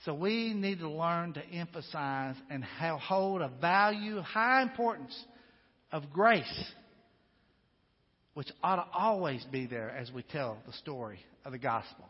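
A man with a high voice preaches an earnest, emphatic sermon. His words ring out with a long echo in a church sanctuary. The sound is dull and muffled. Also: expressive, unhurried, breathy edge. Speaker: pastor.

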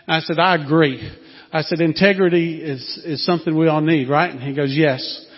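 A man's voice: on the high side, fairly even intonation, moderate pace, breathy edge. A man in his sixties with a Southern accent, a former missionary telling a folksy, rambling story to a church congregation. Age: 60s. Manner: folksy, rambling with many fillers. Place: church sanctuary. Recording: dull, echoey hall sound.

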